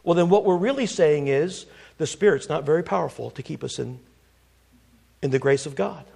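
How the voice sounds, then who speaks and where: A man's voice: fairly high pitch, moderate pace, gravelly, mellow, husky. A middle-aged man preaching a sermon, quoting scripture and firing rhetorical questions at his congregation.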